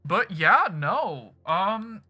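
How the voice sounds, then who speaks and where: A man's voice: high voice, very animated, very slow, bright, forceful tone, slightly rough. A man streaming a game, rambling casually and swearing freely as he wraps up his stream. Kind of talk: casual end-of-stream chat. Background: music playing in the background.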